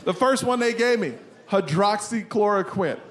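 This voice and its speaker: A man in his thirties doing an animated stand-up set on stage, telling a story with crude punchlines into a handheld mic. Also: sits high, normal speed, a crowd in the background. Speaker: stand-up comedian. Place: comedy stage before an audience. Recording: live stage recording with background noise.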